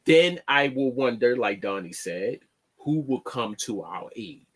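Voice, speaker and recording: A man hosting an online show, talking in a casual, halting monologue and restarting his words often. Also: medium pitch, animated, fairly bright tone, slightly rough. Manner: plainspoken, slangy.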